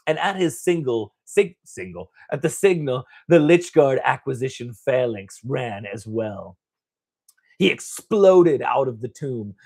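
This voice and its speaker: A man's voice: mid-range voice, a little mellow. A man hosting a gaming channel, casually reading a novel aloud, stumbling over words and breaking off with joking asides.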